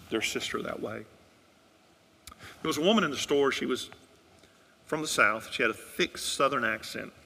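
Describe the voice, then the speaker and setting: Bright-voiced male pastor preaching. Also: medium pitch, husky, in a large hall. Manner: earnest storytelling that asks the congregation questions. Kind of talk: sermon.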